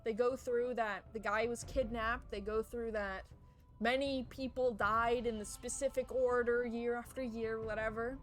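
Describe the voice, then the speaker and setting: A woman's voice: a little high, fairly even intonation, a little slow, faint music behind. A playful, giggly young woman streaming, reading a visual novel aloud and chatting with viewers.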